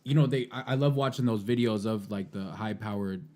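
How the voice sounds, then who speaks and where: A man's voice: lowish voice, brisk, dark tone. A man who is a guest on a casual podcast, cutting in with jokes and casual swearing. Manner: jokey interjections, casual swearing.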